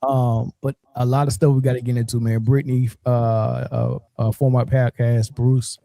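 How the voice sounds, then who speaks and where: A man's voice: mid-range voice, flat delivery, normal speed, vocal fry, dark tone, no room sound. A man hosting a sports podcast in casual chat, joking and sometimes stumbling over his words. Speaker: podcast host.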